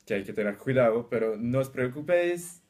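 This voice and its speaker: Relaxed male English teacher, Spanish explanations. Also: mid-range voice, fast talker. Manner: relaxed, hesitant with many fillers, laughs easily. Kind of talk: bilingual language lesson chat.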